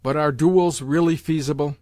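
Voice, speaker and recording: A man's voice: fairly high pitch, fairly even intonation, moderate pace, darkish tone, no room sound, studio quality, natural voice. A man reading an audiobook, voicing a lofty, condescending general who sneers as he speaks. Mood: haughty. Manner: haughty, sneering.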